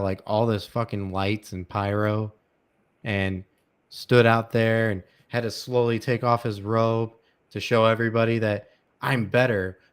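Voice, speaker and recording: A man's voice: on the low side, clean tone. A young man hosting a podcast in casual chat, rambling and opinionated, his voice cracking from a dry throat. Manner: rambling, opinionated, with many fillers and restarts. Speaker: podcast host.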